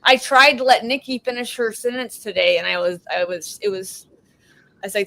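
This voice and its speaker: A woman's voice: mid-range voice, brisk, vocal fry, a bit bright, no room sound, low-quality recording. A woman with a Boston accent hosting a livestream on a video call, chatty and teasing with her guests. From Boston area. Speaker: livestream host. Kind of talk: casual chat.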